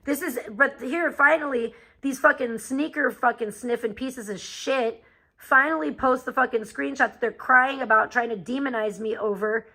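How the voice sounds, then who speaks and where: Brief: woman streamer, high, sharp voice, angry profane rant at chat. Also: moderate pace, vocal fry, rough recording. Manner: profane, heated and confrontational. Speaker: live streamer.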